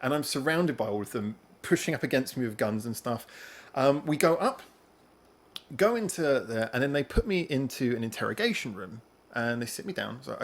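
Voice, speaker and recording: A podcast host with a medium-pitched voice tells a long personal story in casual chat, speaking briskly. He's animated, acting out the lines other people said.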